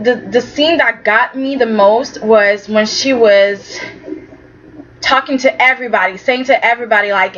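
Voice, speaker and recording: A woman's voice: on the high side, fairly bright tone, muffled recording, a little hiss or hum. A woman reviewing a soap opera in a chatty, opinionated way, often asking "okay?". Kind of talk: casual review talk.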